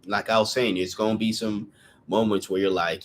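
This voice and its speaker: A man's voice: sits low, fairly even intonation, moderate pace, a little hiss or hum. A young man giving a casual tarot reading, chatty and rambling, who sometimes stumbles over his words. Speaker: tarot reader.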